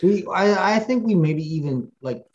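A man's voice: high-pitched, lively intonation, moderate pace, a little mellow, lo-fi sound. A man co-hosting a casual soccer podcast over a video call, talking with eager enthusiasm and frequent stammered restarts. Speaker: podcast co-host.

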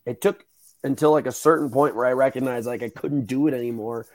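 A young man hosting a podcast, telling stories in a casual, animated way, swearing and acting out the voices of the people in them. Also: mid-range voice, brisk. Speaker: podcast host. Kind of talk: casual storytelling chat.

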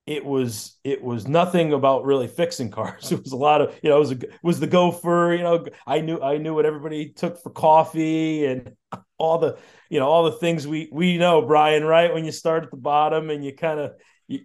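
A man's voice: mid-range voice, a little mellow. Chatty middle-aged man from Connecticut. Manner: chatty, repeats words, chuckles often. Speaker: podcast guest, auto shop owner. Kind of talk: casual storytelling interview.

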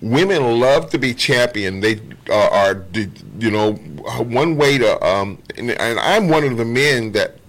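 A man's voice: medium pitch, expressive, measured pace, hardly any pauses. A man co-hosting a podcast, giving relationship advice in a laid-back casual chat and often saying "you know what I'm saying". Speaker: podcast co-host.

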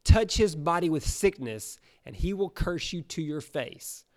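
A man's voice: on the high side, lively intonation, unhurried, darkish tone, pitched above the performer's own voice. A man voicing Satan as a scheming, wheedling adversary in a retold Bible story.

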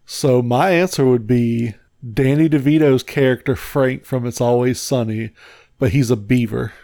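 A man's voice: medium pitch, steady tone, moderate pace, creaky, mellow, no echo. Male podcast co-host, mid-range voice, dry close mic, laid-back and jokey. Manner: laid-back, joking, swears casually. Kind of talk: casual chat.

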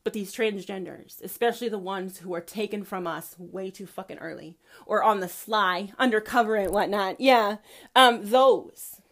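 A woman host delivering an impassioned, profane, preachy monologue. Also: mid-range voice. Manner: profane, fiery preachy ranting. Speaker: podcast host.

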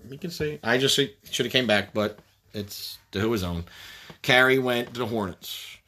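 A man's voice: medium pitch, normal speed, pushed and bright. A man in a casual chat who talks bluntly in short fragments, swears freely, and runs through basketball news. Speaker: basketball fan breaking down team news.

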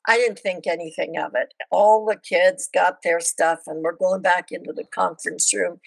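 A woman's voice: on the low side, no room sound, poor audio. An older woman, a podcast guest, telling her missionary stories in casual, chatty conversation. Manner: chatty, anecdotal. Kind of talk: casual storytelling interview.

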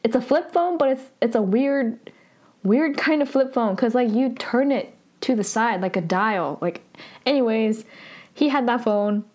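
A woman's voice: fairly high pitch, unhurried, darkish tone. Woman podcast host, casual recap chat, filler-heavy, chatty.

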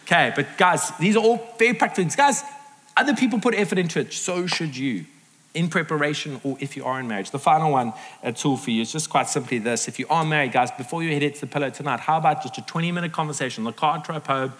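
A middle-aged man preaching a sermon to a live audience, lively and acting out the voices he quotes. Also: on the high side, quick pace. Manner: animated, acts out quoted voices. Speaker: pastor. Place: large hall with audience. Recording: reverberant hall.

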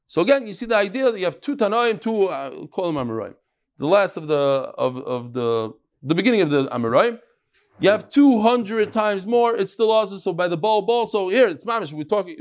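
A man leads a Talmud class, reading passages aloud and then breaking them down in quick explanations. His voice sits a bit high and rises and falls animatedly as he poses questions and answers them. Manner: animated, shifts between Aramaic reading and English explanation. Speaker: Talmud teacher.

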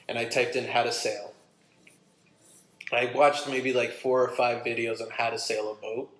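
A man casually telling a long personal story, animated and acting out what people said. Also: medium pitch. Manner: animated, acts out his own quotes. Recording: roomy echo.

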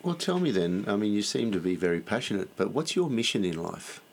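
A man's voice: on the low side, big pitch swings, fairly quick. A man hosting a casual interview, asking curious, prompting questions. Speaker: host interviewer.

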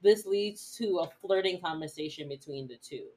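A woman co-hosting a podcast in a casual TV episode recap. Her voice is animated and giggly, with sudden jumps in pitch. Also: moderate pace. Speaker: podcast co-host.

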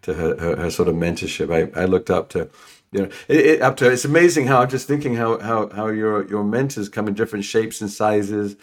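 A middle-aged man from London with a London accent, chatting as a podcast guest, warm and rambling with many restarts. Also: fairly low pitch, a little fast. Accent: London English. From England. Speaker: podcast guest, new home sales trainer. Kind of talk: casual interview chat.

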